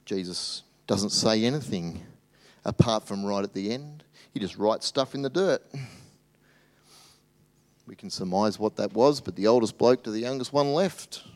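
A man preaching a sermon as pastor, swinging between loud animated bursts and hushed, tender asides. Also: fairly low pitch, measured pace.

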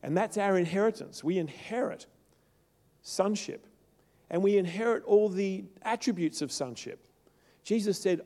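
A man preaching a sermon to a congregation, rising to loud, emphatic peaks and then dropping low and soft. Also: expressive, unhurried, long pauses. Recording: long reverb of a large hall.

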